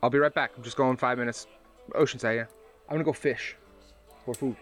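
A man's voice: mid-range voice, fairly even intonation, fairly quick, a bit bright, soft background music. A man playing a tabletop role-playing game, talking in a rambling, hesitant way full of fillers and restarts. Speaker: player. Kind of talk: casual tabletop game play.

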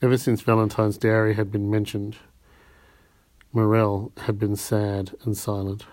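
A man reading a classic novel aloud in a measured way, with small slips and restarts. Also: on the low side, flat delivery, a little mellow, no echo. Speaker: audiobook reader.

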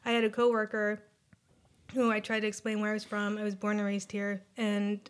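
A woman's voice: medium pitch, completely flat delivery, fairly quick. A woman co-hosting a casual podcast chat, speaking bluntly and frankly and swearing when annoyed. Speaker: podcast co-host.

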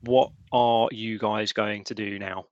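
A man's voice: lowish voice, little pitch movement, dry recording, muffled recording. Dry-voiced man running a tabletop game. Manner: halting, lots of restarts and fillers. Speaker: game master.

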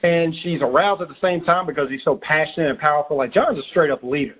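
A man's voice: on the high side, fast. A man co-hosting a casual show recap, talking animatedly and acting out characters. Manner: animated, acts out character voices. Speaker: podcast co-host. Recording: tinny phone-like sound.

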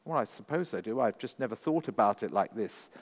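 A man's voice: lowish voice, animated, brisk. A man voicing a distraught father who stumbles over his words and pleads, read aloud in a church with long reverb. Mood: stumbling. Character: desperate pleading father, middle-aged man.

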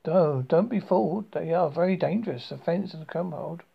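A reader voicing a cold, clinical man, creaky. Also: mid-range voice, muffled recording. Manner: detached, matter-of-fact; halting, stumbling restarts. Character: cold clinical man who studies captive humans.

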